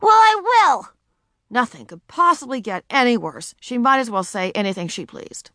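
A woman narrates a children's storybook with lively, expressive pitch. The recording is dry and close, with no room sound. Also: moderate pace, no room sound. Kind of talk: audiobook narration.

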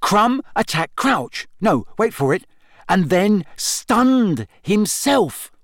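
A man voicing an excitable teenage schoolboy in an audiobook, blurting out ideas eagerly. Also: on the high side, normal speed, no room sound, clean studio sound, voice pushed up. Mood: excited. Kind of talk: audiobook character voice.

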